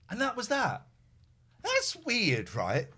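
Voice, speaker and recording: A man's voice: sits high, wildly swooping pitch, drawn-out words, bright, forceful tone, slightly rough. A man hosting a podcast, telling exasperated, rambling anecdotes in casual chat. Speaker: podcast host.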